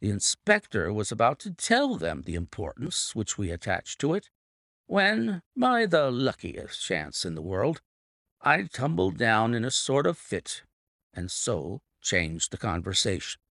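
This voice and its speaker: Brilliant detective laying out his reasoning, low and expressive, read by a male narrator. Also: unhurried, gravelly, no echo, clean studio sound, heavily acted. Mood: explaining. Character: Sherlock Holmes, brilliant male detective explaining. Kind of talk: audiobook reading.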